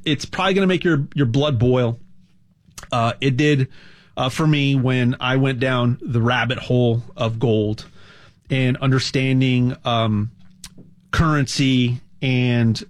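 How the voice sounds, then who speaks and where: A man hosting a talk segment, selling gold in an animated, rambling way with many restarts. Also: mid-range voice. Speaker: host pitching gold buying. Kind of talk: radio ad-style talk segment.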